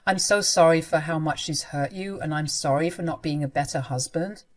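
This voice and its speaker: A woman voicing a gentle young husband who talks in a soft, earnest, apologetic way in a narrated story. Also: sits low, normal speed, pitched below the performer's own voice, close to an everyday voice. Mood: pleading.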